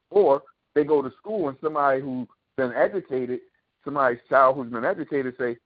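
Sounding tinny as if over a phone, a man hosting a talk show fires off a fairly quick, a-little-high-pitched monologue. He preaches and rants with passion, swearing and throwing out sarcastic rhetorical questions.

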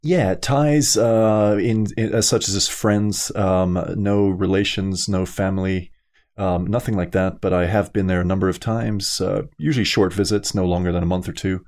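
A man from Denmark, a podcast guest, talking in a casual chat, hesitant and measured with many ums. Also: deep voice, steady tone, darkish tone.

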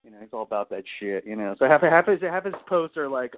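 A man's voice: mid-range voice, sing-song, quick pace, hardly any pauses, a little hiss or hum. A man hosting a podcast in casual chat, rambling and swearing constantly. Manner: swears constantly, rambling, says "you know what I mean". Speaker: podcast host. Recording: tinny phone-like audio.

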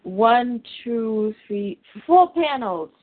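A woman co-hosting a casual chat, recapping a comic in a lively, jokey way, heard over a tinny, phone-like recording. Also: on the high side, extremely slow. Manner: lively, laughs often, jokey. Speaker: podcast co-host.

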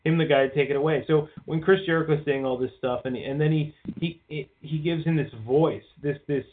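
A man co-hosts a podcast in a brisk, slightly high voice with a steady tone. He rambles casually, swears often and keeps saying "like", all over a tinny line that sounds like a phone.

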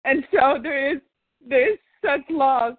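Furious high woman on a tinny line. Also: a little slow. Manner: furious, swearing, repeating herself. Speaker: therapy client. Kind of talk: emotional venting in a therapy session. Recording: tinny dry phone-like sound.

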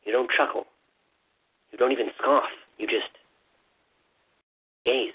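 A man co-hosting a podcast, trading dry deadpan one-liners in casual chat. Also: medium pitch, measured pace, slightly rough. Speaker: podcast co-host. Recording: phone-like lo-fi line.

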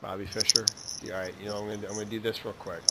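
A man's voice: fairly low pitch, racing, crowd noise. A man hosting a casual podcast, rambling and swearing freely as he chats. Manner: rambling, profane, animated. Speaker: podcast host.

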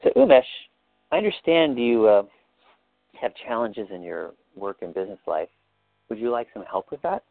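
A man with a low, gravelly voice leads a coaching session, asking patient, probing questions. The sound is dry and tinny, like a call line. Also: expressive, moderate pace, no room sound. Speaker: life coach leading a session.

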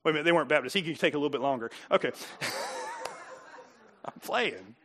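High, bright-voiced joking male pastor. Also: lively intonation, rapid-fire, some chatter behind. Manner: conversational, joking, asks the congregation questions. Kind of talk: sermon. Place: church before a congregation.

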